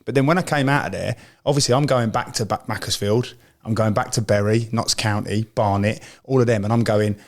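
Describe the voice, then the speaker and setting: Low-voiced middle-aged man. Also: brisk. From Essex, England. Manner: rambling storyteller, restarts, acts out quoted voices. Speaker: podcast co-host, ex-footballer. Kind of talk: casual chat.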